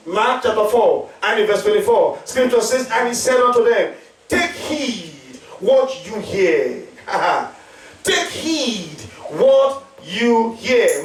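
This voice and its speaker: A pastor preaching emphatically, asking the congregation to answer back. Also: male voice, very high-pitched. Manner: emphatic preaching with call-and-response questions. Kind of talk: sermon. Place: church hall. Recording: echoey church, mic at a distance.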